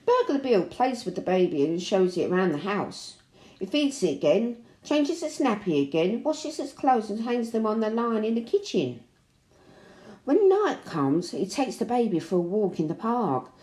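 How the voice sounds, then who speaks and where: A woman reading a children's picture book aloud in an expressive, animated way. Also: mid-range voice, normal speed. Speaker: storybook reader. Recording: roomy echo.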